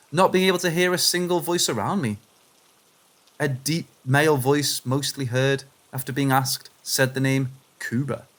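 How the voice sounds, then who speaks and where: A man narrating submitted paranormal stories in a steady, scripted reading voice. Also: mid-range voice.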